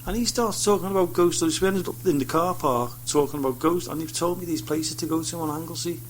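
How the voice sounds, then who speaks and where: Slight background noise sits behind a man with a fairly high, fast voice. As a guest on a radio chat show, he spins meandering stories and performs the voices of people from them.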